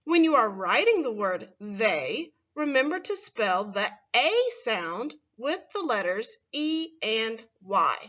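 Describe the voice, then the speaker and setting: Woman, first grade teacher, phonics lesson, lively pitch, slow careful pace, dull recording. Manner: slow, clear and sing-song, stretching words for young children.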